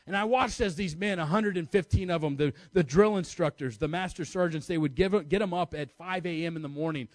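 A man from the United States tells a story in a sermon, chatty and quick to laugh at himself. His voice sits fairly high for a man. The sound is dry and close, with no room echo. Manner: chatty and self-mocking, laughing at himself, many fillers.

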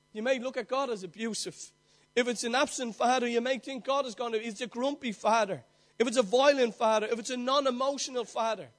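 A male preacher with a very high-pitched voice delivers a sermon. He speaks earnestly, building momentum through repeated phrases. He turns to his congregation with direct questions.

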